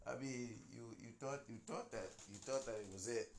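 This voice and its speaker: A man's voice: medium pitch, gravelly, slight background noise. A man hosting a casual solo podcast, rambling and repeating himself, slangy and conversational, chuckling at his own asides. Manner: rambling, repeats phrases, laughs at own jokes. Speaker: podcast host.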